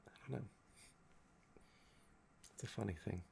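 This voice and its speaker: A young man with a gravelly, fry-laden voice, talking in a soft-spoken ASMR chat that meanders and trails off. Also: a little slow, a little hiss or hum. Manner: meandering and musing, often trailing off with "um". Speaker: ASMR channel host.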